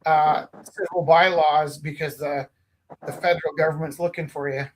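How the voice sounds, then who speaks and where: A man from Canada telling a story in casual chat, animated, acting out the quotes loudly. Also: fairly high pitch, moderate pace, a little hiss or hum. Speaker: host.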